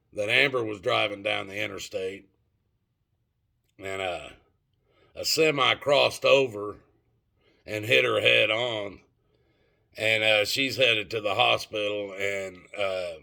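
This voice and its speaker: A man's voice: on the low side, vocal fry, sharp tone. A middle-aged man telling a story and ranting to his viewers in a rambling, profane, casual way. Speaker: vlogger.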